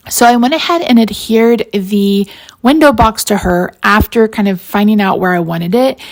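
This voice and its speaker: Gravelly woman telling crafting stories. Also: mid-range voice, a little mellow. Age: 40s. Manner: rambling, storytelling asides, frequent laughs. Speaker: craft tutorial host. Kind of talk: chatty crafting tutorial.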